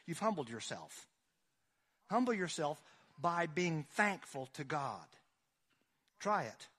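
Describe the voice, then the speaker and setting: A man's voice: fairly high pitch, sing-song, slow, pauses often, fairly bright tone. A man preaching a sermon, reading scripture aloud with rising dramatic force and asking the congregation questions. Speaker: pastor.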